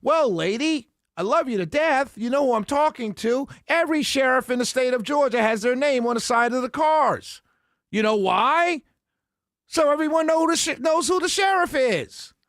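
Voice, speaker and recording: A man's voice: very high voice, animated, moderate pace, fairly bright tone, dry recording. A man hosting a radio talk show, ranting passionately and sarcastically into a studio microphone. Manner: heated, sarcastic, laughs between points. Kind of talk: impassioned on-air rant.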